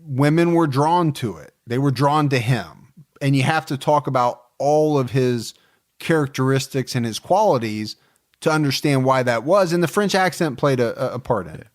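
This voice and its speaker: A man in his forties co-hosting a true-crime podcast, telling the case in a relaxed, joking way with plenty of fillers. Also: mid-range voice, normal speed. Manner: storytelling, joking, many fillers. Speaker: podcast co-host.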